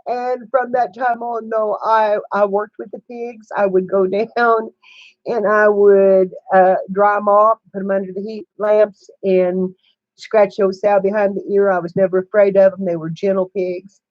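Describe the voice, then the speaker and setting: A woman's voice: mid-range voice, flat delivery, a little slow, no room sound, muffled recording. An older woman hosting a casual livestream chat from home, telling stories, laughing often and greeting viewers as they come in. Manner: chatty storyteller who greets viewers mid-story and laughs a lot. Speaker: channel host. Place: home room with sewing setup.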